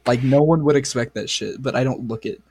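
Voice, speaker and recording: A young man co-hosts a casual podcast chat, talking briskly in a mid-range voice against a noisy background. He swears a lot and retells stories with plenty of animation.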